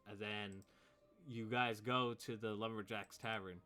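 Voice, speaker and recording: Casual low-voiced game master. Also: male voice, steady tone, measured pace, sharp tone, faint music behind. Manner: casual, rambling, sound-effect interjections. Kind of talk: narrating a tabletop game.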